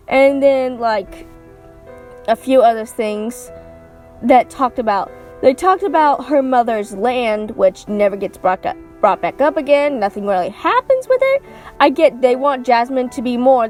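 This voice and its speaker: A woman vlogger ranting through a casual movie review, sarcastic and swearing, acting out what characters say. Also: sits high. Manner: sarcastic, swears, acts out quotes.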